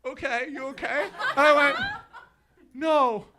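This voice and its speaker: A man's voice: extremely high pitch, measured pace, background noise. A young man telling a personal story at a live storytelling show, often laughing through his lines and acting out his own thoughts.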